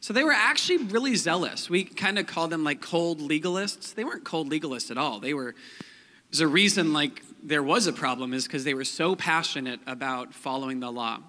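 With a voice on the high side that's animated, brisk, bright and forceful, a young pastor delivers a relaxed, humorous sermon. He talks chattily, peppering it with "like" and "um," and the sound carries a long hall reverb.

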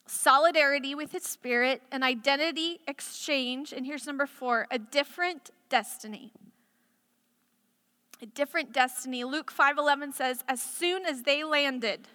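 The echo of a hall fills this recording of a woman preaching an impassioned sermon in a church sanctuary. Her high-pitched voice is bright and forceful, rising to emphatic declarations.

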